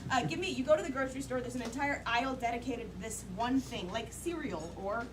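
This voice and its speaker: Upbeat woman host, high voice, live club with loud crowd noise. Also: fast talker. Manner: upbeat, joking with the audience. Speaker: improv show host. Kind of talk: live improv hosting. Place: comedy club stage.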